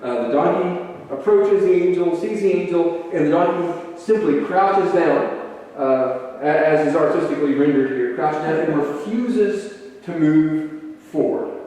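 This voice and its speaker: In a church meeting room with hall echo and a far-off mic, a man retells Bible stories loosely in a conversational lesson, hesitating and starting over a lot. His voice is a little high and mellow, and he speaks a bit slowly.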